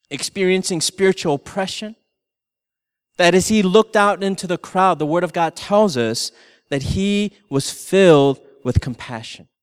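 A middle-aged man preaches a sermon, telling a family story with animated humor. His voice sits high and resonant. It rings out with a long reverb, as in a church hall. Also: clean tone. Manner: storytelling, animated, laughing through anecdotes. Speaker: pastor.

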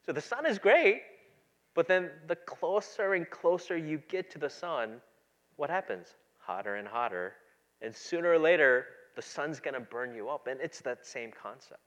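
A pastor preaching a sermon, moving between quiet, low asides and loud, emphatic passages. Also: male voice, lively intonation, normal speed.

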